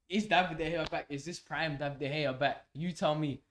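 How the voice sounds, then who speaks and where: A young man hosting a live football watch-along, swearing and shouting at the match as it unfolds. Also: fairly high pitch, brisk. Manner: swearing, excitable, shouts at the game. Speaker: fan channel host.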